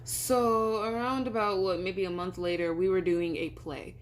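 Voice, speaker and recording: Woman vlogger, loose chatty storytelling, acts out dialogue, mid pitch. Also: steady tone, measured pace, slight background noise. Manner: rambling, filler-heavy, acts out quoted dialogue. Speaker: vlogger telling a personal story. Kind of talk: casual storytime chat.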